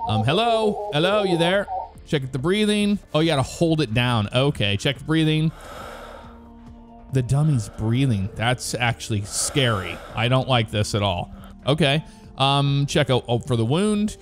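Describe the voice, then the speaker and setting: A man's voice: medium pitch, expressive, unhurried, faint music behind. A man hosting a casual let's-play, commenting in a jokey way, exclaiming and reading game prompts aloud. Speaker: gaming video host.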